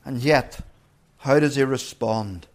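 A man preaching a sermon in an earnest manner, his pitch rising and falling as he acts out the story. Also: takes it slowly. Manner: earnest, wide pitch swings when acting out voices.

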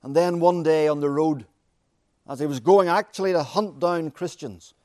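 Male preacher, sermon, emphatic repetition, dramatic pauses, slightly high voice, dry close sound. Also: darkish tone, dry recording.

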